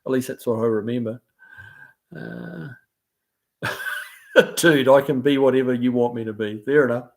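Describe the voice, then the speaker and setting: Here a man from New Zealand chats on his live stream, reading comments from viewers and replying loosely with lots of fillers and restarts. His pitch is medium, his pace a little slow, and vocal fry and long pauses mark his speech.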